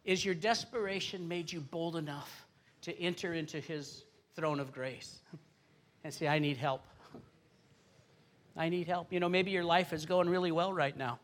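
A man's voice: on the high side, moderate pace. A middle-aged man preaching as a pastor in a church, moving from conversational teaching into earnest, fervent prayer. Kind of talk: sermon and congregational prayer. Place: church sanctuary.

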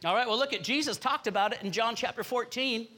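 High, bright-voiced preaching pastor. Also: male voice, fast. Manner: emphatic preaching with audience call-and-response. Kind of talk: sermon. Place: church.

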